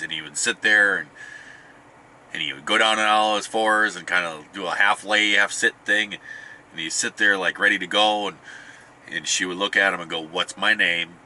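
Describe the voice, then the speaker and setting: Middle-aged man, deep voice, sharp edgy tone, rambling chat, faint hum behind. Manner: rambling, with restarts and chuckles. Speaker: podcast host. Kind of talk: casual storytelling.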